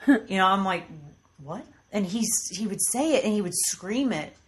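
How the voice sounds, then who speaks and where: A woman in her thirties chatting casually on a podcast, telling lively stories and acting out what others said. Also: mid-range voice, moderate pace. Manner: animated storyteller, acts out voices in quotes. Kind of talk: casual chat. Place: studio with microphones.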